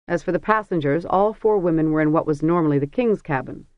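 An audiobook narrator reading a fantasy story in a measured, even storytelling manner. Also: mid-range voice, dry recording. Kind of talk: scripted narration. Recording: dry, dull lo-fi recording.

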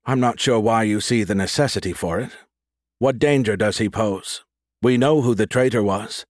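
A man's voice: fairly low pitch, normal speed, no room sound, studio quality, lightly acted. A man voicing a stern female leader who speaks in a firm, authoritative way.

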